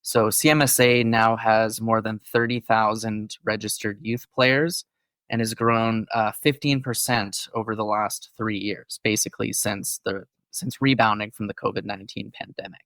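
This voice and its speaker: A man co-hosts a podcast and lays out each topic in an informative, explanatory way. He pauses on the odd filler but keeps a steady thread. His voice is close and completely dry. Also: on the low side, no echo. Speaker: podcast co-host. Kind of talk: casual podcast chat.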